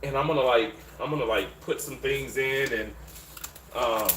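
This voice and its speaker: A man's voice: medium pitch, fairly even intonation, moderate pace, fairly bright tone, echoey room, a little hiss or hum. A man from Mississippi with a Southern accent, chatting casually on a live stream from a hotel room, rambling with lots of fillers. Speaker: livestream host. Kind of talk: casual live-stream chat reading viewer comments.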